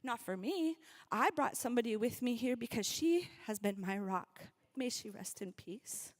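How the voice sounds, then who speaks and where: A woman's voice: a little high, animated, moderate pace. A woman from North Dakota giving a rally speech, calling out to the crowd and leading the audience through a reflection. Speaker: event speaker.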